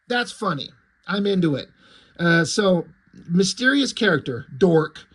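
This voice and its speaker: A man with a fairly high voice chats his way through a comic, amused and easygoing. His talk is loose and full of fillers, like a casual review. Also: measured pace. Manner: relaxed, amused, many fillers. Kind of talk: casual review, reading aloud.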